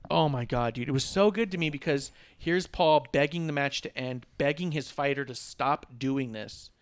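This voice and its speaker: A man's voice: medium pitch, normal speed. A man co-hosting a casual wrestling podcast, retelling matches with energy and acting out the wrestlers' lines. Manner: animated storyteller, acts out wrestlers' lines. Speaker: podcast co-host. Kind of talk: casual wrestling recap chat.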